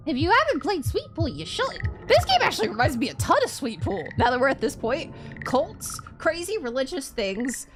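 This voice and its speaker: A woman streamer reading a horror game aloud, breaking off into loud, startled reactions. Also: sits high, very animated, unhurried. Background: music.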